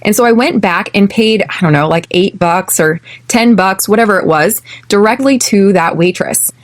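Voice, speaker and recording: A young American woman from California, hosting an English lesson podcast and speaking clearly and deliberately, slowing down for drills. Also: medium pitch. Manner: clear, deliberate, slows for repeat-after-me drills. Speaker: podcast host, English teacher.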